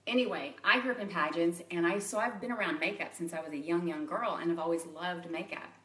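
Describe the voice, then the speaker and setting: A woman in her forties from Louisiana talks frankly in a live video, chatty and personal and quick to laugh at herself. Her voice sits on the low side. The sound is roomy and comes from some way off the mic. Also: sharp tone, recorded from a distance. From Louisiana, USA. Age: 40s. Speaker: makeup artist and direct sales consultant. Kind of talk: candid live video chat to a private group.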